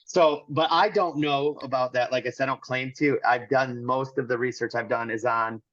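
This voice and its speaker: A man's voice: medium pitch, steady tone, moderate pace, fairly bright tone, no echo. Guy rambling through a personal story, mid voice, dry kinda dull recording. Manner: rambling, restarts often, acts out quotes. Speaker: interview guest.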